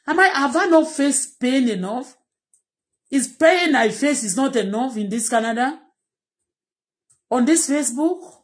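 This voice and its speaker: Middle-aged Nigerian-accented woman, personal vlog, pleading and repetitive, slightly high voice. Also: expressive, a little slow, pauses often. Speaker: vlogger.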